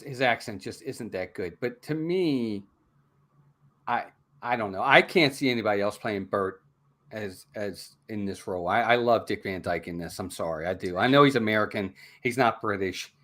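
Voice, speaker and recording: A man with a lowish voice and moderate pace hosts a laid-back live-streamed podcast reviewing movies. Lively and quick to laugh, he banters with his co-host and reads out a rhyming mock ad.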